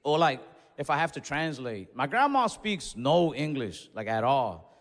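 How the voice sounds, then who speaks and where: A young man doing a stand-up comedy set, telling stories in a laid-back, deadpan way with quick asides. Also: medium pitch. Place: comedy club stage. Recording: reverberant club hall with faint crowd noise.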